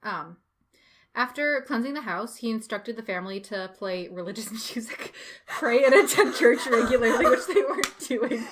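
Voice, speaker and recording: A woman's voice: on the high side, expressive, normal speed. A young woman co-hosting a podcast, casually retelling a haunted-house case and often breaking into laughter. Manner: giggly, laughs often while telling the story. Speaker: podcast co-host.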